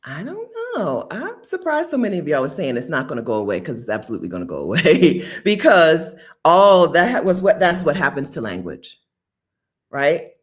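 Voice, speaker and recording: Host, woman in her fifties from Delaware; emphatic casual commentary, lively swooping pitch, laughs often. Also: normal speed. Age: 50s.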